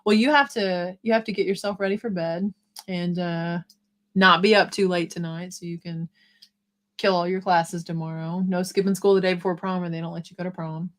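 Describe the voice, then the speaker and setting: A middle-aged woman hosting a live stream, chatting casually and quickly, reading viewer comments and encouraging them. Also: fairly low pitch, fairly even intonation. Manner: fast-talking, upbeat and encouraging.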